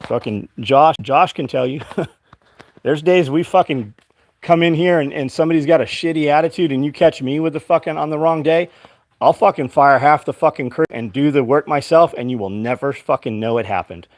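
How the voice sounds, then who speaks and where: His voice is a little high and his pace moderate, with no room sound. The man owns a company and hosts a show, and in this casual livestream he goes off bluntly about work ethic, cursing heavily and recounting his own past exchanges.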